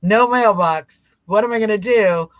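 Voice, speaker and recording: A man hosting a live talk stream, his voice high and bright with a tense edge. He mocks and acts out little scenes as he rambles. The sound is close and dry. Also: a little slow, no echo, poor audio. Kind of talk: casual political talk stream.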